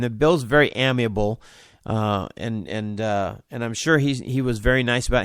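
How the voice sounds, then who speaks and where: A man's voice: medium pitch, moderate pace, no echo, studio quality. A man in his forties, a podcast host, telling a personal story with many restarts and fillers.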